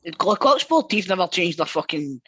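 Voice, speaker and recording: A man co-hosting a football podcast, throwing in quick jokey asides in casual chat. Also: sits high, sing-song, fairly bright tone, highs cut off. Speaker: podcast co-host.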